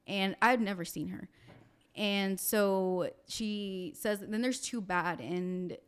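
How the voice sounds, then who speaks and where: A woman telling a personal story in a casual podcast chat, animated, with many fillers, acting out the voices of the people in it. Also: mid-range voice, takes it slowly, smooth.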